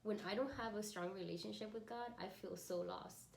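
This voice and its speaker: Woman podcast host, bit of vocal fry, lots of "like" and "you know", echoey room. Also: medium pitch, brisk. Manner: warmly agreeing, uses many fillers. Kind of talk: casual conversation. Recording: echoey room with faint background noise.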